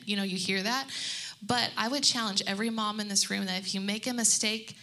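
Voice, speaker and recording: Bright-voiced woman, animated storyteller. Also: medium pitch, a little fast. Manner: animated storyteller who acts out quotes. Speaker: panelist speaking to moms. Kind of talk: faith-based panel talk. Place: room with an audience.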